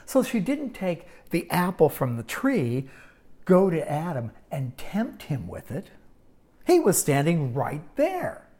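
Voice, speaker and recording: A woman teaching a Bible lesson in sermon style, storytelling with dramatic pauses and wry asides. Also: low-pitched, huge pitch swings, warm tone.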